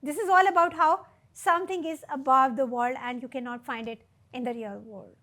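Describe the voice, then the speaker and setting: A woman giving a literature lecture, explaining poetic devices and reading verse aloud with deliberate emphasis. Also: high-pitched, fairly even intonation, a bit bright. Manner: explains terms and asks rhetorical questions.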